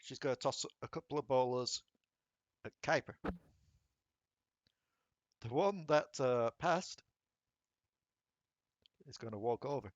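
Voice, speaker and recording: A man runs a tabletop game as game master. His voice sits at an ordinary pitch and his talk is chatty, with quick bursts of rules talk and frequent laughs. The recording is dry and close, with no room sound. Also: dry recording, muffled recording. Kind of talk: narrating a tabletop game over voice chat.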